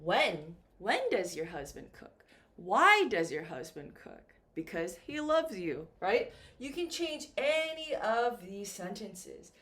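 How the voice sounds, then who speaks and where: A woman teaching a beginner English lesson, speaking slowly and clearly and acting out example questions. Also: medium pitch. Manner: slow and lively, with acted-out example questions.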